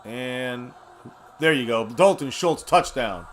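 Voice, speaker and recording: A man hosting a fan watch-party stream, reacting live to a football game after a few drinks, cursing a lot and swinging from low mutters to shouts. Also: expressive, slow, slight background noise. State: has been drinking.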